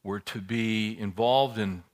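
A man's voice: fairly low pitch, fairly even intonation, slow pace. A man preaching a sermon, praying and telling a folksy joke in an earnest way. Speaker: pastor.

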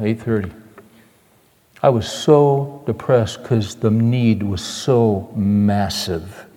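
Older man, sermon storyteller, acts out his own lines, goes soft and low at the close, reverberant hall. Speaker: preacher. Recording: long reverb of a large hall.

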